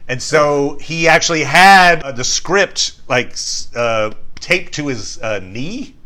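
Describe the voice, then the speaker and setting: A man's voice: fairly high pitch, expressive, slow, bright, forceful tone. A man co-hosting a podcast, chatting casually and enthusiastically about a favorite film. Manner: enthusiastic, quotes movie lines in playful voices. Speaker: podcast co-host. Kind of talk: casual chat.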